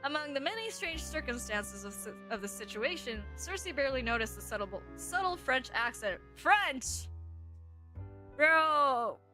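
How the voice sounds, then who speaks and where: A woman streamer reads a visual novel aloud. Her narration is playful and she often stops herself to comment on the text. Her voice is bright and a little high, with faint music in the background. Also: big pitch swings, fairly quick, hardly any pauses. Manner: playful, self-interrupting narration.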